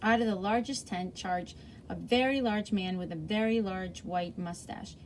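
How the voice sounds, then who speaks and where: A woman's voice: mid-range voice, normal speed, darkish tone, a little hiss or hum. A woman reading a chapter book aloud to children in a friendly way, with small slips and self-corrections.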